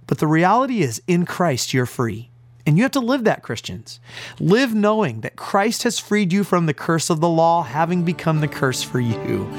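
A man's voice: a little high, big pitch swings, moderate pace, soft background music. A male pastor preaching a radio sermon, emphatic, with many rhetorical questions.

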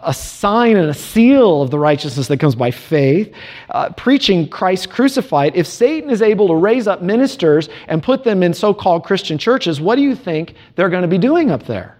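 A male preacher delivering a sermon, earnest and emphatic, asking rhetorical questions and reading scripture aloud in a measured cadence. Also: high-pitched, darkish tone.

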